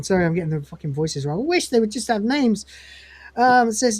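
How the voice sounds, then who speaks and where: A woman co-hosting a fan podcast, casually retelling scenes and quoting characters' lines with lively mimicry and frequent laughter. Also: mid-range voice, a little fast, no room sound. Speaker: podcast co-host reviewing episodes.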